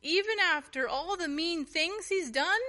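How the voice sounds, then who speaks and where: A woman voicing an eager, kind young boy in a children's storybook reading, high and lively. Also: measured pace, heavily acted. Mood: puzzled.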